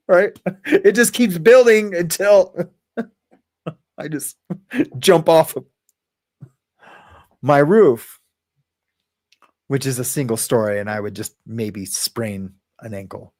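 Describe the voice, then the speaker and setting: A man hosting a casual livestream, reading viewer comments aloud and rambling with frequent chuckles and halting restarts. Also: on the high side, lively intonation, a little mellow, no room sound, studio quality. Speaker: livestream host.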